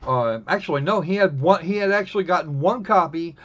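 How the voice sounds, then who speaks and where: A man with a fairly high, brisk voice hosts a live stream, chatting casually in a wry, rambling way and often correcting himself mid-sentence. The stream audio is muffled and lo-fi.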